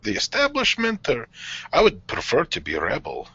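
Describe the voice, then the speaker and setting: Bright, husky man tabletop player. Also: normal speed, dry recording, muffled recording. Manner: excitable, pitch jumping up when asking. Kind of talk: tabletop game play, casual.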